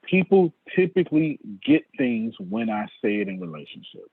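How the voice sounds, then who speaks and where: Preacher-style sales trainer, man, husky voice, wildly swinging pitch, phone-quality audio. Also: normal speed, no room sound. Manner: animated, preacher-like, calls on listeners by name. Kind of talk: sermon-style sales lecture. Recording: tinny dry phone-like line.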